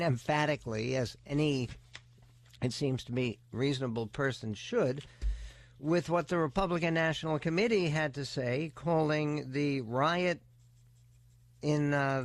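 A man hosting a talk radio show, giving opinionated political commentary in a measured, deliberate way with emphatic stresses. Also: a little high. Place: radio studio. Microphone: close studio microphone.

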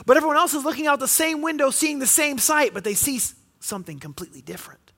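A pastor preaching a sermon, telling a story and acting out what people say. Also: male voice, fast, creaky, pushed and bright. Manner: storytelling, acting out quotes with rising pitch.

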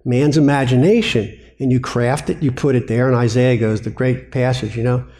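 A man preaching a sermon on biblical counseling, lively, who keeps asking rhetorical questions and answering them himself. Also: mid-range voice, normal speed.

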